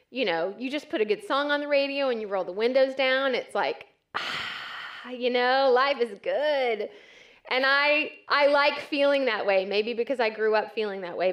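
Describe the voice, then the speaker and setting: A woman's voice: fairly high pitch, fairly bright tone. A woman in her thirties from West Texas, giving a conversational, self-deprecating talk to a church audience with frequent ums. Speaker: church speaker.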